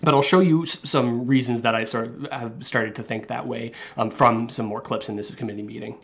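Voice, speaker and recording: A man's voice: mid-range voice, fairly even intonation, a little fast, creaky. Chatty man from Canada commenting on clips. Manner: chatty, many fillers and restarts, reacting to footage. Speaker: finance commentator.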